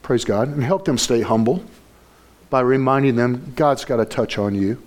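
A man preaching a sermon, emphatic and repetitive, building to forceful peaks. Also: mid-range voice, moderate pace. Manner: emphatic preaching, repeats key phrases, rising to loud peaks. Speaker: pastor.

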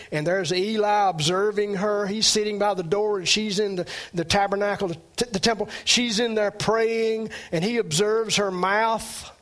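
A pastor preaches in a notably high, light, somewhat bright voice, talking plainly and conversationally to the congregation. He restarts phrases here and there and raises his pitch sharply whenever he stresses a point.

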